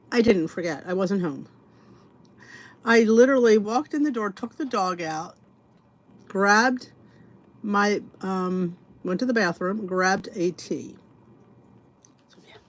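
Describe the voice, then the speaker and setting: Chatty woman hosting a livestream, higher voice, rambling and scattered. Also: a bit bright. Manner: chatty, scattered, talks to herself while setting up. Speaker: podcast host. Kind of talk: casual livestream chat.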